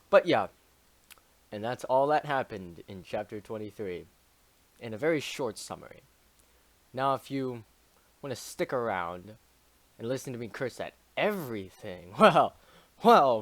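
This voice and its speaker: A man's voice: medium pitch, no room sound. A man casually summarizing a history chapter on a stream, joking and swearing constantly with mumbled asides.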